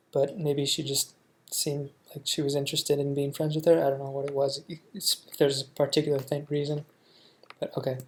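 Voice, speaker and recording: A young American man reacting to a show, thinking out loud in a rambling way, full of fillers and restarts. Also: fairly high pitch, slight background noise. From United States. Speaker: reaction video host. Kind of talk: casual reaction commentary.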